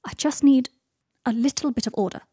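A proud, defensive young man, read by a woman narrator snaps back in short, pointed lines. His voice sits higher and louder than the narration around it. The recording is dry and close. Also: a little fast, husky, dry recording. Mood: bitter. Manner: sharp, defensive retorts.

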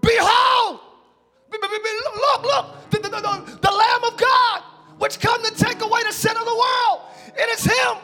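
A man's voice: very high voice, steady tone, normal speed, sharp tone, raised voice, long reverb tail, faint music behind, pitched above the performer's own voice, exaggerated voice. A man voicing an awestruck, overwhelmed John the Baptist who stammers and exclaims. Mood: overwhelmed awe.

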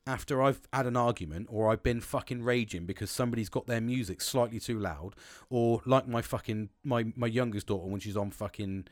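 A man's voice: medium pitch, brisk, dry recording, clean studio sound. A man speaking bluntly and swearing often in a frank, casual monologue about communication.

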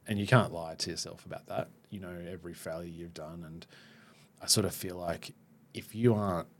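A man with a deep voice and fairly even intonation hosts a podcast, with a little hiss or hum in the background. He speaks candidly and self-reflectively, restarting his sentences haltingly.

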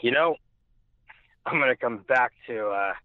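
A man's voice: medium pitch, unhurried, no room sound. A young man telling a personal story as an interview guest, rambling with many restarts and fillers. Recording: tinny phone-like line.

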